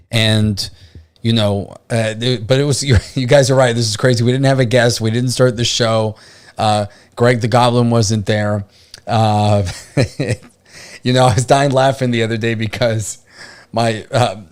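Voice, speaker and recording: A man's voice: fairly low pitch, clear, resonant tone. A man from Puerto Rico hosting a casual livestream show, rambling with frequent laughs and fillers. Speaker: podcast host.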